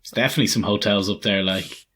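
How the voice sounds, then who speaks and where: A man's voice: on the low side, fairly even intonation, quick pace, a bit bright, slightly rough. A man co-hosting a casual podcast, laid-back and rambling, ending lines with "like". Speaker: podcast co-host. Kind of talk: casual chat.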